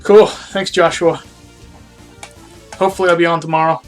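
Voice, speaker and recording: A man's voice: fairly high pitch, level tone, moderate pace, soft background music. A man casually chatting on a live game stream, self-critical and rambling, trailing off, a bit out of breath.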